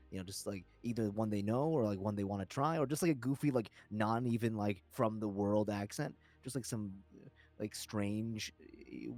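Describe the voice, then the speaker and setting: A man's voice: fairly low pitch, a little mellow, no room sound. A young man on a stream, rambling as he explains his choices for his tabletop game character, with lots of "like" and restarts. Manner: rambling, many fillers and restarts. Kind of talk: casual group chat.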